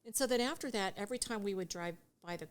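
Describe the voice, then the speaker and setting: A middle-aged woman, a guest on a podcast, telling a story in lively, casual chat with frequent laughter and acted-out dialogue. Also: mid-range voice, fast, clear, resonant tone. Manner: animated storyteller who laughs often and acts out dialogue. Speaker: guest, divorce mediation attorney.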